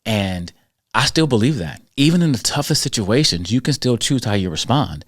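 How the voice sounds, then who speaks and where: A man hosting a podcast, telling stories about school kids in an animated, conversational way that slips into quoted voices. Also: mid-range voice, normal speed. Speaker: podcast host and school character-education speaker. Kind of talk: conversational storytelling.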